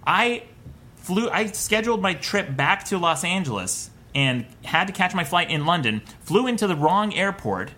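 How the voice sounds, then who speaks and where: A man's voice: high voice, normal speed. A man and guest comedian telling a self-mocking comic story on a podcast. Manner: animated, self-mocking, laughs mid-story.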